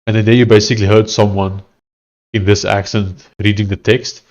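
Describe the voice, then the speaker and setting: A man's voice: on the low side, level tone, normal speed, a little mellow, highs cut off. A South African man talking casually as he codes, thinking aloud and hesitant, often restarting his sentences. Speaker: software developer streamer. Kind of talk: casual live-coding commentary.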